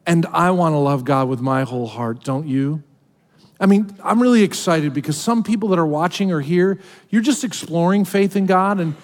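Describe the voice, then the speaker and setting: A man's voice: on the high side, long reverb tail. A man preaching a sermon as a pastor, dramatically voicing scripture and heartfelt prayers.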